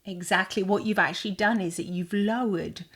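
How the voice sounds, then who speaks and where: A woman co-hosting a relaxed conversation in a middle-pitched voice. She talks in a chatty, meandering way, full of fillers, and laughs often as she goes. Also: normal speed. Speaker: podcast co-host. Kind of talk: casual chat.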